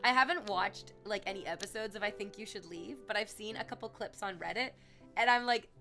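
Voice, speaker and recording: A woman's voice: medium pitch, a little fast, sharp tone. Chatty woman streamer gushing and rambling. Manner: gushing, rambling, talks baby talk to her cat. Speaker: livestreamer. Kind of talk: casual chat to stream chat. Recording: music playing clearly behind her.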